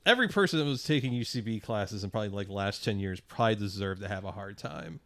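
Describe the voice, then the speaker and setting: A man co-hosting a podcast, talking in halting starts and repeats with dry jokes. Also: fairly low pitch, fairly bright tone, no echo. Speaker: podcast co-host. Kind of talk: casual podcast banter.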